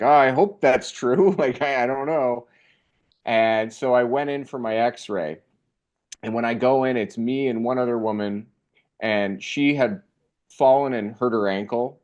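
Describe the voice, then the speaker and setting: A young Canadian man with a fairly low voice tells a funny personal story at a moderate pace, casual and animated, acting out the voices of the people in it. The highs in the recording are cut off.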